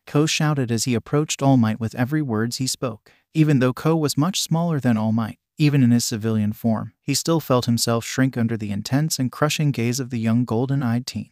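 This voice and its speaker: A man narrating a fan fiction story in a steady, plain reading. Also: mid-range voice, brisk, few pauses, no echo, studio quality.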